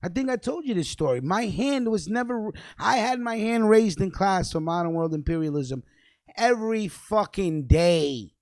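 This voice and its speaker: A man's voice: high voice, lively intonation, moderate pace, darkish tone, no echo. A young man hosting a radio show, delivering a fiery, profane, repetitive freestyle rant.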